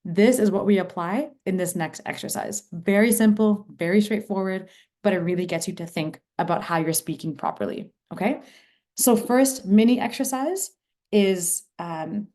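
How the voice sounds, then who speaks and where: A woman's voice: medium pitch, normal speed, dark tone. A woman presenting an online mentorship workshop over a video call, talking with enthusiasm and emphasis.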